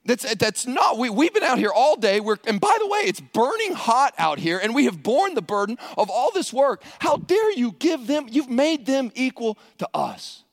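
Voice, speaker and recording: A man's voice: extremely high pitch, sing-song, moderate pace, few pauses, voice pushed up, heavily acted. A man voicing an indignant day laborer who sputters complaints about unfair pay.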